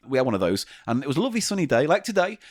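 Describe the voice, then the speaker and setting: A man's voice: mid-range voice, racing, no room sound, clean studio sound. A man from England co-hosting a comedy podcast, telling stories in casual chat and swearing freely. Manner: animated storyteller, swears freely. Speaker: podcast co-host.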